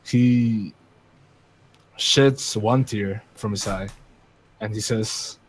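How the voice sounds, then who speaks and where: A man's voice: fairly low pitch, fairly even intonation, extremely slow, pauses often, husky, poor audio. A man taking part in a tabletop game, thoughtfully describing his character. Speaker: player.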